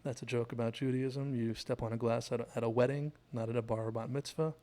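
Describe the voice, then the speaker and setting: A man's voice: medium pitch, fairly even intonation, quick pace, warm tone. A man chatting through a TV episode scene by scene, recapping the plot and digressing along the way. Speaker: TV show analysis host. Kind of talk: casual scene-by-scene commentary.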